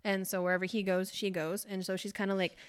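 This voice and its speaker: A woman's voice: mid-range voice, quick pace. A woman co-hosting a book podcast, chatting casually and animatedly as she retells a novel's plot, full of "like" fillers. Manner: animated, laughs often, many "like" fillers.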